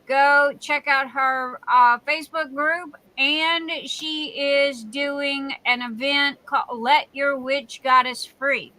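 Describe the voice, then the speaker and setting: A woman's voice: high voice, fairly even intonation, slow, hardly any pauses, bright, forceful tone, no room sound, poor audio. A woman with a Southern US accent hosting a casual live stream, chatty and greeting viewers by name with endearments like "darling.".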